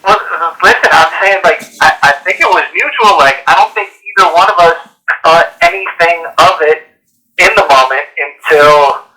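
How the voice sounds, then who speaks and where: A man from New Jersey talking casually over a phone line from prison, halting and thoughtful, with many pauses and restarts. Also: on the high side, pushed and bright. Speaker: incarcerated husband on a prison phone call.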